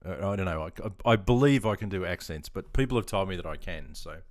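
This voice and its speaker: An Australian man streaming live, chatting casually in a relaxed, rambling way with frequent ums and chuckles. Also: low-pitched, fast, dry recording.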